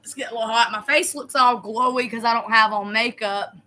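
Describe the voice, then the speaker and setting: A woman's voice: a little high, steady tone, fairly quick, pushed and bright. A middle-aged woman, chatting casually and rambling as she decorates a planner for her vlog. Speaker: vlogger.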